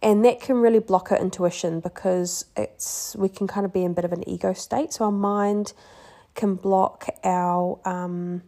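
Young aussie woman explaining card reading, soft and chatty, lots of ums, a bit of vocal fry. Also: medium pitch, fairly even intonation, moderate pace. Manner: gentle, chatty, many fillers and restarts, light laughs. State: pregnant, yawning. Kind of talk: casual instructional talk.

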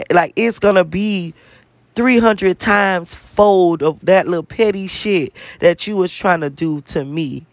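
Man, high-pitched, profane repetitive rant, dry close sound. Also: no room sound. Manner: profane, emphatic, repeats phrases for emphasis. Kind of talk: casual spiritual rant to camera.

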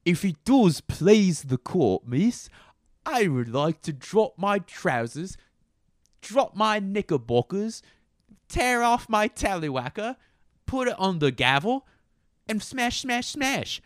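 A pompous old barrister holding forth to the court, played by a man, in a mock Yorkshire accent. The voice is high and drawn out, with every phrase delivered theatrically. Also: sing-song, slow pace, dry recording, studio quality, heavily acted.

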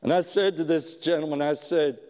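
A man preaching a sermon as a pastor, telling a story slowly with frequent halting restarts. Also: on the high side, fairly even intonation, mellow. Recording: long hall reverb.

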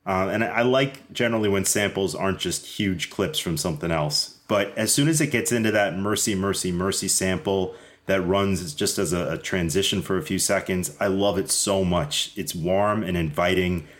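A man's voice: low-pitched, moderate pace, few pauses. A man hosting a music podcast, upbeat and chatty, who laughs easily and steers the discussion. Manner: upbeat, laughs often, leads the segments. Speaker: podcast host. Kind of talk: casual music review chat.

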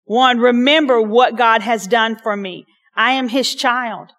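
A woman pastor, preaching a sermon, passionate and emphatic with soft asides. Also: on the high side, measured pace.

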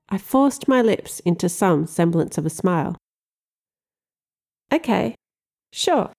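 Mellow-voiced woman narrating an audiobook. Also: fairly low pitch. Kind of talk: first-person audiobook narration.

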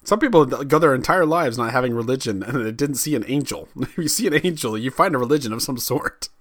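A man's voice: mid-range voice, lively intonation, quick pace, fairly bright tone, no room sound, studio quality. A man co-hosting a podcast who talks in a wry, explanatory way in casual conversation. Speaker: podcast co-host.

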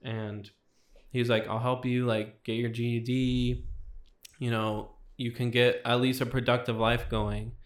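A man's voice: mid-range voice, little pitch movement, unhurried. A young adult man, a podcast guest, telling his testimony in a casual, rambling way, constantly filling with "like.". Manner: rambling, fills with 'like' constantly.

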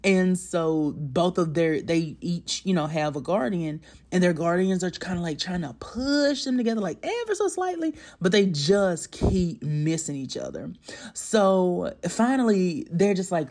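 A male movie reviewer gives a casual, chatty recap, laughing often and mocking himself in slangy language. His high voice is very animated and a little mellow, delivered at a measured pace.

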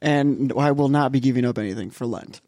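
Brief: male co-host, wry one-liners, mid pitch, dead dry room. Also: brisk, mellow, no room sound. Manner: dry, teasing quips. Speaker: podcast co-host. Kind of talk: casual chat.

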